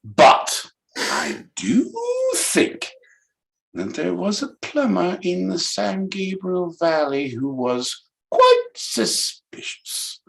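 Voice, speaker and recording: A man putting on a fussy British gentleman. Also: sits high, wildly swooping pitch, slow pace, creaky, pitched above the performer's own voice, full character voice. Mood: evasive. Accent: British English. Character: prim, evasive British gentleman.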